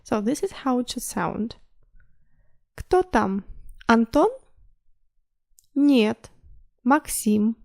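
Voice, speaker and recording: A woman teaching a language lesson online, patiently pausing so the listener can repeat. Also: on the high side, animated, vocal fry, darkish tone.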